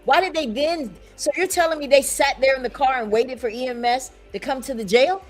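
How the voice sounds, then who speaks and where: A woman's voice: sits high, fairly quick, faint music behind. Probing woman talk show host. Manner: probing, presses with follow-up questions. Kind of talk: interviewing a guest.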